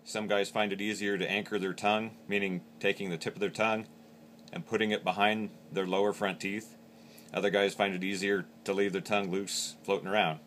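A man's voice: fairly low pitch, little pitch movement, brisk, fairly bright tone, a little hiss or hum. A man teaching how to use a game call, explaining each step plainly. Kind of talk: hands-on instructional demo.

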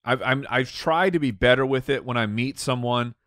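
A man's voice: medium pitch, moderate pace, a bit bright, dry recording. Male podcast co-host, playful and chatty, dry close sound. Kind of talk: casual comedic banter.

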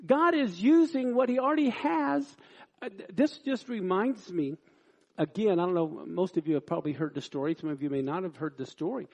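A man preaching a sermon, reading scripture and telling a personal story in an animated way, acting out the people in it. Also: high-pitched, fairly quick, creaky. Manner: animated storyteller, acts out quoted lines loudly. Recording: dull lo-fi sound.

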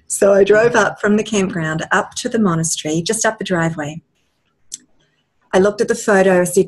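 A woman guest on a video-call interview, telling a personal story in a lively way and laughing often. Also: medium pitch, normal speed, husky. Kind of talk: casual storytelling.

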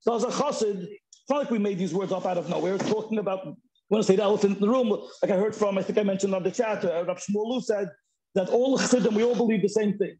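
A middle-aged man talks loosely on a video call, and his voice sits high but sounds mellow and warm rather than sharp. He stops and restarts often and drops Yiddish and Hebrew words into his talk. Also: steady tone, fast talker, low-quality recording. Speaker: Zoom discussion participant. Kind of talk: casual chat.

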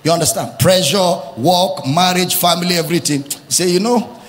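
A male pastor with a Nigerian accent preaching an impassioned sermon, shouting and chanting at the peaks. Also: high-pitched, steady tone, normal speed. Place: church hall. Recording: music and long reverb of a big hall.

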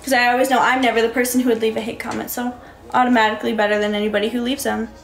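A woman's voice: on the high side, level tone, very fast, faint music behind. A woman live-streaming in casual chat, reading out viewer comments and thanking them by name in a breezy, upbeat way. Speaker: livestreamer. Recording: echoey room.

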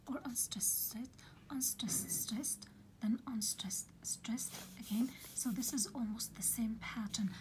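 Woman teacher talking soft n half whispery, patient, says okay a lot, slightly high voice. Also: low-quality recording. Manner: patient and explanatory, fills pauses with "okay" and "uh". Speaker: literature teacher. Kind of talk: recorded lecture on poetic meter.

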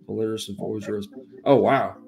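A man's voice: fairly low pitch, steady tone, normal speed, creaky. A man hosting a casual comics livestream who chats in an easygoing way and greets his viewers. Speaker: livestream host. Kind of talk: casual chat.

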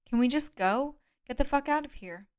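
A woman's voice: medium pitch, extremely slow, fairly bright tone, smooth. A woman reading aloud, voicing a frightened young woman who holds a gun and begs to be left alone. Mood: pleading. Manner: pleading then defiant, shaky.

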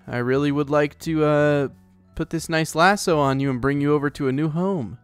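Over faint music, a man narrates his let's play in a smooth, slightly high voice, moderately paced and nearly pause-free. The recording is dry, and he rambles casually, frequently talking to animals in the game.

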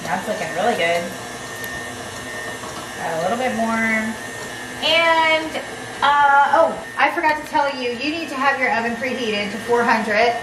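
A woman's voice: fairly high pitch, unhurried, long pauses. A woman hosting a casual cooking demonstration, chatty and playful, talking straight to the viewer. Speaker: cooking show host. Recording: echoey room, mic at a distance, steady background hum.

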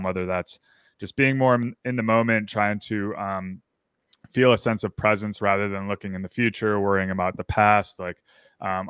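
A man's voice: fairly low pitch, a bit bright, clear, resonant tone, dry recording. A man hosting a podcast interview, upbeat and rambling, full of fillers and restarts. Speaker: podcast host. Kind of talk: casual interview chat.

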